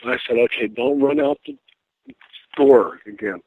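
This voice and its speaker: A middle-aged man, a paranormal investigator, telling a ghost story in a casual, animated way and acting out the voices he quotes. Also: medium pitch, moderate pace, husky. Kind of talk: casual storytelling on a radio call-in. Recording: dry tinny phone line.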